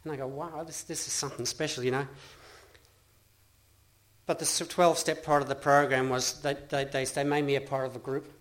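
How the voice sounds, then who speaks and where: A man's voice: medium pitch, little pitch movement, moderate pace, pauses often, fairly bright tone. A middle-aged Australian man giving a personal recovery testimony to a meeting, earnest and rambling, with frequent restarts and laughter. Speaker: speaker sharing his recovery story.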